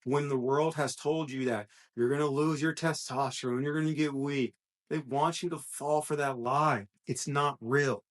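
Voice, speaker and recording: A gym coach co-hosting a podcast talks in a moderately paced, higher-than-average voice with fairly even intonation. The chat is casual, but he's earnest and motivational, often restarting sentences as he thinks out loud.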